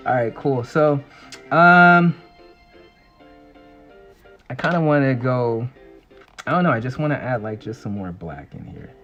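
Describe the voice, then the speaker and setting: A man casually chatting and rambling excitably on a livestream while he draws. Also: mid-range voice, measured pace, long pauses, lo-fi sound, faint music behind. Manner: rambling and excitable, full of fillers. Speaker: artist streaming a drawing session.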